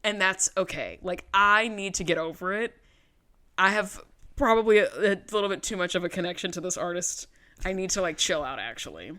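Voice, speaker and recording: Animated young woman with a bright voice. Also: on the low side, brisk. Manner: animated, self-mocking, swears casually. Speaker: podcast co-host. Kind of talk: casual chat.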